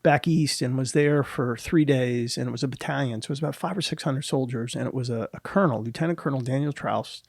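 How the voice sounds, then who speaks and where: A middle-aged man, a guest and motivational speaker, telling a personal story with emotion and pausing often to search for his words. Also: medium pitch, vocal fry, darkish tone, no room sound, studio quality. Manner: halting, searching for words, many restarts.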